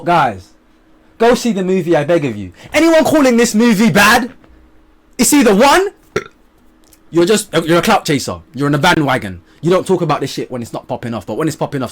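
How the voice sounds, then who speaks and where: A young man films a casual vlog reviewing a movie, full of animated excitement. His volume swings from loud bursts down to low mutters, and he swears without holding back.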